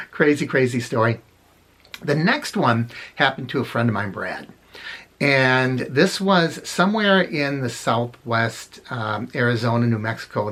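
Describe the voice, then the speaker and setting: A middle-aged man with a medium-pitched, slightly bright voice casually tells funny anecdotes as a storytelling vlogger. He rambles, corrects himself as he goes, and chuckles at his own stories.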